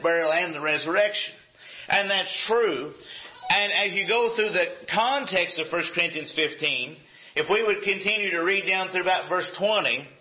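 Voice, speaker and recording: High-voiced preacher in a roomy hall. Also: male voice, dull audio. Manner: expository, reads and restates scripture verses aloud. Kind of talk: sermon.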